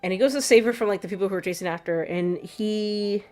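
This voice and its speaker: A woman with a medium-pitched, darkish voice talks fast while streaming gameplay. She chats casually, laughs often, and reads chat aloud, with faint music playing in the background.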